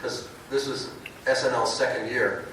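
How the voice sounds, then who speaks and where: An older man telling lively anecdotes at a convention panel and acting out the people he quotes. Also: mid-range voice, normal speed. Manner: lively storyteller, acts out quoted voices. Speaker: comic book writer, panel guest. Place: large convention panel room. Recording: echoey hall recorded from far off, with noise.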